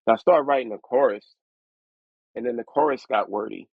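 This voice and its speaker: A man being interviewed as a guest rapper, telling stories in a lively way and acting out other people's voices as he goes. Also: medium pitch, a little fast, vocal fry, breathy edge, no room sound. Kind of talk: storytelling interview. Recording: dry, tinny phone-like line.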